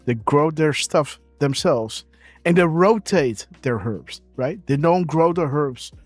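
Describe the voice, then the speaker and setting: A man's voice: on the high side, expressive, takes it slowly, no room sound, faint music behind. A man hosting a live stream, chatting casually in a rambling way, with many fillers and frequent laughs. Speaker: show host.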